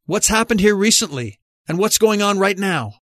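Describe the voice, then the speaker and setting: A man's voice: high voice, animated, normal speed, a bit bright, dry recording, studio quality, pitched above the performer's own voice. A man doing a polite, businesslike male consultant.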